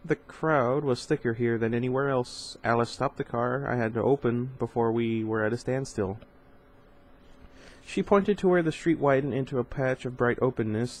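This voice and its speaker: A man's voice: medium pitch, moderate pace, low-quality recording. A man reading a novel aloud in an informal way, with casual asides and stumbles over hard words. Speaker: reader.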